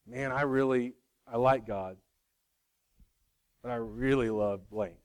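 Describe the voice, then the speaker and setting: A man preaching a sermon in an earnest way, moving between raised, emphatic lines and hushed, quiet ones. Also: mid-range voice, slow, clean tone. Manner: earnest, swings from loud to hushed. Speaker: pastor.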